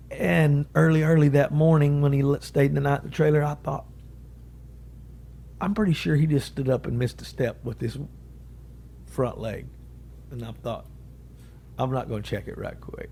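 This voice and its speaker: A man's voice: medium pitch, gravelly, warm tone, slight background noise. A middle-aged man, a cattle breeder telling a long story as an interview guest, in a folksy way, often quoting what people said. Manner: folksy, drawn-out storytelling with repeated quotes.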